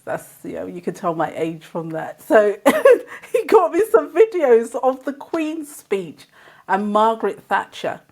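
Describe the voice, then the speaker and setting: A woman's voice: mid-range voice, very animated, unhurried, darkish tone. A woman from England with an accent between London and Birmingham, a guest chatting casually and laughing often as she tells stories. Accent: between London and Birmingham English. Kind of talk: casual conversation.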